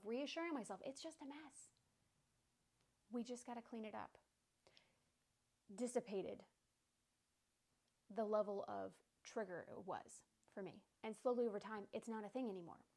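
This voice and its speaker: A woman's voice: mid-range voice, a little mellow. Reassuring woman talking through self-help. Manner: conversational, reassuring, many "okay?" and "right?" asides. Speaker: podcast host. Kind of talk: casual self-help talk.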